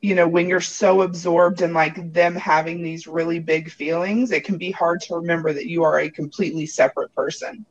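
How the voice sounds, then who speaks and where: High-pitched man, mindfulness teacher, musing and easygoing in casual conversation. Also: steady tone, brisk, hardly any pauses, dull audio. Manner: reflective, loose talk full of "like".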